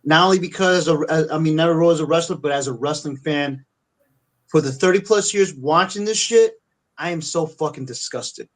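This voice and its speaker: A middle-aged man with a fairly high voice rants on a wrestling podcast. He is furious and profane, and he stacks up insults as he vents. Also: moderate pace, low-quality recording. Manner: angry, profane ranting. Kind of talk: casual angry rant.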